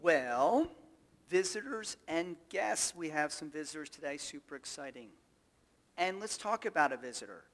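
A man's voice: on the high side, animated, normal speed, fairly bright tone, big-room sound. A male pastor delivering a sermon, emphatic and full of rhetorical questions to the congregation. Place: church sanctuary.

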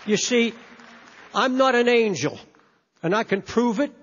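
A man's voice: extremely high pitch, lively intonation, a little slow, fairly bright tone, some chatter behind, a little hiss or hum. A man preaching a sermon, impassioned and emphatic, often repeating words as he presses a point. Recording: echoey hall, dull lo-fi sound.

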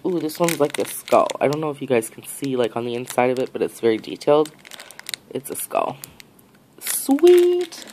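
A woman in a casual unboxing vlog, gushing and excitable, full of gasps and exclamations. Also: rumbling low, background noise. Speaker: nail art vlogger.

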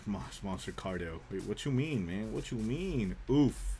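A young man live-streaming a game, chatting casually, saying "man" often and breaking into loud yelps. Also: lowish voice, lively intonation, unhurried, slightly rough. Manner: laid-back, says "man" a lot, bursts into loud yelps.

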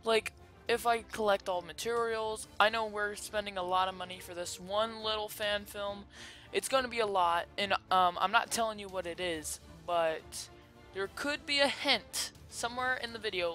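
A YouTuber giving chatty, rambling commentary over a pirate game, with sudden loud excited outbursts. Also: medium pitch, normal speed, faint music behind. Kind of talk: gameplay commentary.

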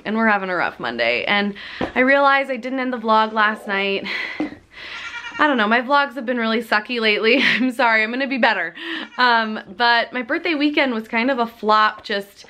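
A woman's voice: fairly high pitch, animated, moderate pace, sharp tone, slight background noise. A young woman chatting casually to her camera at home, giggly and apologetic as she catches viewers up. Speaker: family vlogger. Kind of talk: casual vlog chat to camera. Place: at home indoors.

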